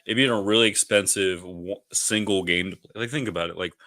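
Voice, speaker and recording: Co-host, male, deep and bright, loose rambling chat, dry room. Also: fast, dry recording. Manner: rambling, restarts, many likes. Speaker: podcast co-host. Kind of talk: casual chat. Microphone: live stream mic.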